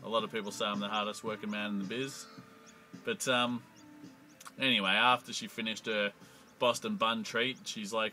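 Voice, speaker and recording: A man's voice: fairly low pitch, little pitch movement, moderate pace, pushed and bright, faint music behind, low-quality recording. A young Australian man telling a crude, profanity-laced comic story in a rambling monologue. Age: young adult.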